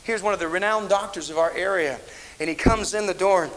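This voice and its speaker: With a high-pitched, fairly bright voice and a brisk pace, this middle-aged pastor tells stories in his sermon, rambling and restarting again and again. The audio is low quality and carries slight background noise.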